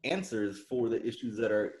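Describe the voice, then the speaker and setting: A man's voice: lowish voice, moderate pace, darkish tone. A man co-hosting a podcast in casual chat, blunt and swearing, with many fillers and restarts. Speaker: podcast co-host. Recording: roomy echo.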